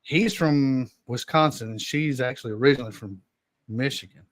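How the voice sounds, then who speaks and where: A man's voice: medium pitch, normal speed, dry recording. A man with a Southern Georgia accent, co-hosting a podcast in casual chat, rambling through stories and laughing often. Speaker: podcast co-host.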